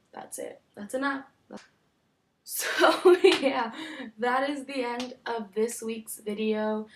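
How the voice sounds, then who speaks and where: Chatty young woman telling a story. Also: a little hiss or hum. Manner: chatty, animated, acts out quotes with big pitch jumps. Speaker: vlogger. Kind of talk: casual storytelling.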